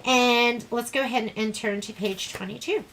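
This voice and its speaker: Bright, chatty woman sewing instructor. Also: on the high side, normal speed, a little hiss or hum, poor audio. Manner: chatty, rambling, self-deprecating. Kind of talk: live online sewing class.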